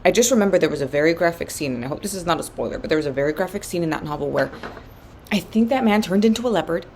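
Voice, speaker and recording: A young woman in her twenties telling a long story while doing her makeup, chatty and animated with lots of fillers. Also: lowish voice, racing, a little hiss or hum. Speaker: vlogger.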